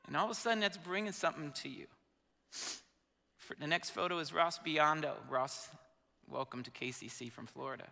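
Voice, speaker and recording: A man's voice: on the high side, normal speed, pushed and bright. A man in his fifties, a pastor telling an emotional personal story in a sermon. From Indiana, USA. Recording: long hall reverb.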